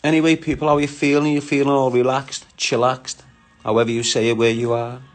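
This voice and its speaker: A man's voice: medium pitch, little pitch movement, fairly quick, faint music behind, poor audio. A young man hosting a casual live stream, bantering with viewers in a slangy, chatty way. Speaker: livestream host.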